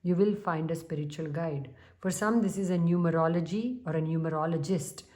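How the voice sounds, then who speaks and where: A woman giving a spiritual tarot reading, calm and unhurried, pausing with soft hums. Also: deep voice. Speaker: tarot reader.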